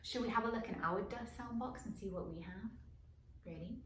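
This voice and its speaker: A woman teaching a children's circle-time lesson, speaking in a slow sing-song voice and stretching out letter sounds. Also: medium pitch, slight background noise. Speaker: preschool teacher. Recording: echoey room, voice from far off.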